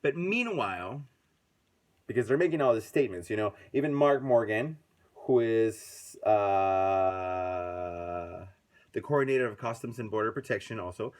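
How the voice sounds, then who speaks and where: A man giving angry, profane commentary in a casual video, ranting and swinging between loud bursts and soft asides. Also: on the low side, lively intonation, unhurried.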